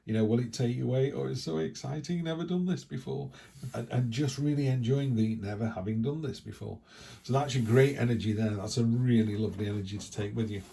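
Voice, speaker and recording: A middle-aged man talks through a tarot reading. His voice sits a little low and sounds warm and mellow. He rambles in a chatty way, with animated asides. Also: quick pace, gravelly. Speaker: tarot reader. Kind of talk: casual spoken tarot reading.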